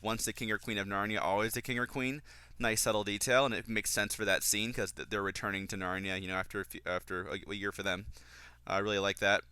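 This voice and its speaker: A man giving casual fan commentary on a film, opinionated and quick to get exasperated. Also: fairly low pitch, sharp tone, clean tone, no echo. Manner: opinionated, flares into exasperated ranting.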